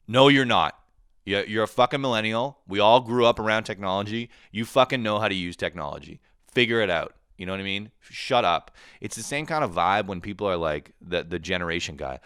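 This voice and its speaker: A man's voice: lowish voice, expressive, fairly quick, a bit bright, clean tone, dry recording, studio quality. A man in his thirties, a drunk podcast host, ranting in a profane, sarcastic casual way. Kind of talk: casual comedic rant.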